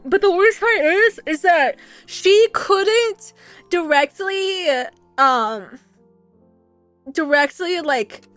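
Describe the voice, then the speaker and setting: A young adult woman streamer chatting casually and telling a rambling, animated story, swearing freely as she goes. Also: high-pitched, no echo. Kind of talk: casual livestream chat.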